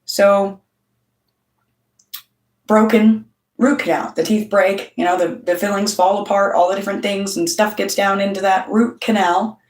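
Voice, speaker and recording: In a mid-range voice with fairly even intonation, a middle-aged woman speaks a little slowly, captured by a distant mic. As the channel host, she tells a story bluntly to camera, cursing often and quoting people. The recording is roomy and off-mic.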